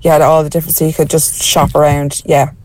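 A woman's voice: deep voice, level tone, a little mellow, no echo. A woman calling a radio show, friendly and rambling as she chats. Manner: friendly, rambling, quick asides. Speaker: radio caller. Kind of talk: casual phone-in chat.

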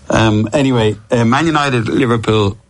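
Mid-range in pitch and a little slow, this middle-aged Irish man rambles through long stories in easygoing conversation, full of restarts and laughs.

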